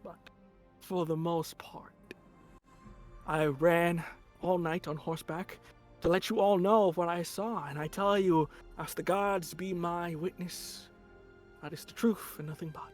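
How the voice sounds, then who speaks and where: A man voicing an older male war general who gives slow, halting testimony full of pauses and fillers. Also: fairly high pitch, fairly even intonation, faint music behind, close to an everyday voice. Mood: solemn. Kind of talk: tabletop game character voice.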